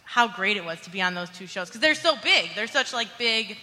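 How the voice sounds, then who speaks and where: A woman's voice: mid-range voice, animated, brisk, pushed and bright. A woman in the audience gushing over her favorite actors, full of likes and giggles. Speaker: audience member asking a question. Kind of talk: fan question at a live panel. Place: theater with a live audience. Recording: long theater reverb.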